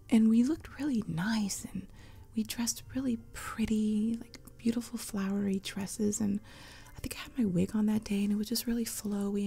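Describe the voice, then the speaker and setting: A woman hosting an ASMR channel, talking in a soft half-whisper and telling a rambling, chatty story up close to a sensitive mic. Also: medium pitch, slightly rough. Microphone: close sensitive mic for headphones.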